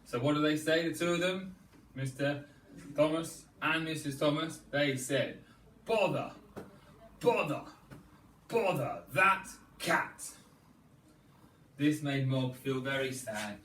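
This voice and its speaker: A man leading a children's storytelling yoga class, playful and animated, coaxing the children through each pose. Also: on the high side, a little slow, slight background noise. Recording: echoey room, distant mic, faint ambience.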